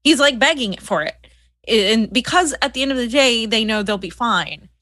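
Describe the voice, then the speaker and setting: A woman co-hosting a political commentary show, talking fast and heatedly, often repeating words as she builds a point. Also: on the high side, animated, pushed and bright, no room sound. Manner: rapid, heated, repeats words when worked up. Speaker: co-host.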